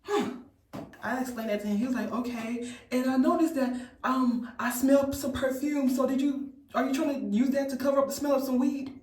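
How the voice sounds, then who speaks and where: A woman from Memphis telling a storytime in an animated, incredulous, chatty way. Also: high-pitched, brisk, echoey room, far from the mic, poor audio. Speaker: vlogger. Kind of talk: storytime vlog.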